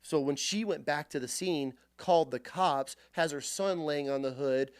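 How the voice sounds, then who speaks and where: Man, from Texas, podcast guest, lively storytelling, voice on the higher side, dry close-mic sound. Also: moderate pace, smooth, no echo. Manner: re-enacts arguments in heated quoted voices. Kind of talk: animated storytelling in conversation.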